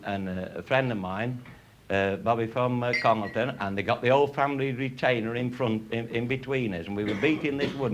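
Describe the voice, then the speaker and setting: A man's voice: medium pitch, noisy background. A man telling comic anecdotes in a rambling, salty way, swearing constantly and laughing at his own jokes. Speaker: raconteur.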